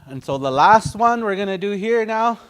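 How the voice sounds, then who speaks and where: A man's voice: sits high, expressive, normal speed, fairly bright tone, clear, resonant tone. A man teaching a language class, patiently repeating words and breaking them into syllables for his students.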